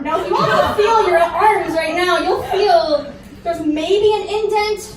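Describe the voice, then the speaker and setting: A woman's voice: very high-pitched, slow, crowd noise. A young woman doing a stand-up comedy set, chatty and self-deprecating, often laughing through her lines. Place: performance venue with audience. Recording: echoey room from far off.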